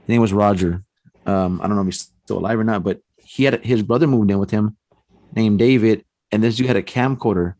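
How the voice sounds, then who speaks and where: A man telling a personal ghost story on a podcast, animated and acting out the voices in his tale. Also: lowish voice, brisk, no echo. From San Antonio, Texas. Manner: animated storyteller, acts out quotes, frequent restarts and "man". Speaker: paranormal investigator guest.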